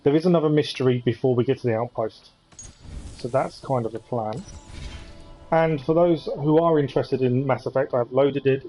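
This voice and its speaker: A man's voice: mid-range voice, warm tone, poor audio. A man chatting with viewers as he thinks aloud during a live-stream gameplay commentary.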